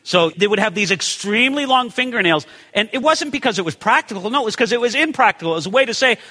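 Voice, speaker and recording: Animated preacher with a high, lively voice. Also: male voice, fast talker, few pauses, in a large hall. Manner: animated, acts out the people in the story; conversational, asks rhetorical questions. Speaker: pastor. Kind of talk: expository sermon.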